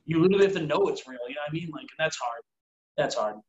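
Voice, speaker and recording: A man's voice: a little high, expressive, rapid-fire, slight background noise. A man in casual chat, talking earnestly and at length, full of "like" and acted-out quotes. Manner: rambling, earnest, fillers of "like", acts out quoted dialogue. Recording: roomy, dull sound.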